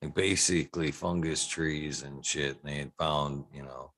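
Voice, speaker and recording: A man's voice: rumbling low, fairly even intonation, normal speed, fairly bright tone. A man hosting a casual podcast chat, laid-back, laughing often and swearing freely.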